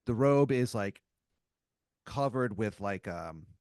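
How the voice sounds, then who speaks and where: A man's voice: fairly low pitch, lively intonation, takes it slowly, a little mellow, dry recording, studio quality. Rambling man improvising a story. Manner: rambling with many fillers. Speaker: podcast host telling an improvised scenario.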